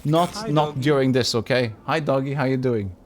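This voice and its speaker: Livestreaming a story game, a man reads the narration aloud and jokes with his chat in a self-deprecating way. His voice is medium-pitched at a normal speed.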